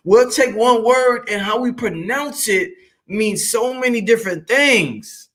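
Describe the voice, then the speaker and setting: Animated profane man with a high voice. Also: normal speed. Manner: animated, shouts curse words for emphasis; freewheeling, emphatic and profane. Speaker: channel host. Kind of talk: casual monologue to camera.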